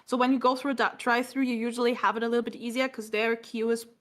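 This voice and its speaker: High-voiced young woman chatting casually. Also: level tone, fast talker. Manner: swears freely, laughs often, trails off and restarts. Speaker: podcast host. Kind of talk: casual chat.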